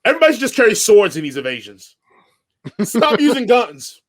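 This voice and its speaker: A man with a high voice rants in casual podcast chat, animated and jokey. He swears freely and keeps the talk loose. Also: fairly quick. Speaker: podcast co-host. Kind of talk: casual movie review chat.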